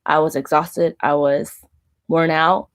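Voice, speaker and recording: Woman in her 30s rambling thru a personal story, lots of "like", kinda low voice. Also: flat delivery, takes it slowly. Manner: rambling, filler-heavy with frequent "like" and restarts. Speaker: Christian minister and vlogger.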